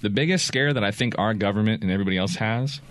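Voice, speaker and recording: A man's voice: fairly low pitch, quick pace, a bit bright, no echo. A man hosting a podcast in casual, opinionated chat, swearing freely. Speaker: podcast host.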